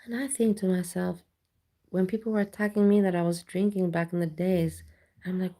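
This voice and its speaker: A woman's voice: fairly low pitch, flat delivery, normal speed, warm tone. A woman chatting casually with viewers on a live stream, blunt and ranting, reading the chat aloud.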